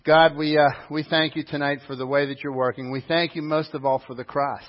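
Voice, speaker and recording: A man's voice: on the high side, flat delivery, brisk. A man praying earnestly with a muffled sound. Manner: earnest, with small hesitations. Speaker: prayer leader. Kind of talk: spoken prayer. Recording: dull muffled recording.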